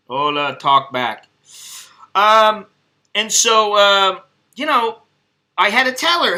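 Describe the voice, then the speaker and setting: A middle-aged man rambles through crude, profane anecdotes in a casual vlog monologue. His voice sits high for a man and has a piercing, tense edge. He talks loosely and freely, with plenty of asides. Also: expressive, slow pace, long pauses, sharp tone. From United States. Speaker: vlogger.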